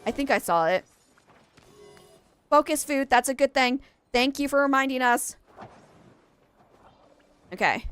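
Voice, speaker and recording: A woman's voice: sits high, expressive, measured pace, pauses often, fairly bright tone, smooth. A young adult woman streaming a game, chatting casually in a rambling way, full of exclamations and restarts. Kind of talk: casual chat while gaming live.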